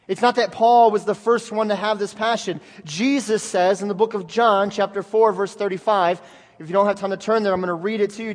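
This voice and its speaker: Male pastor, high voice, impassioned sermon delivery, long church-hall reverb. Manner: fervent preaching, swings from loud to hushed.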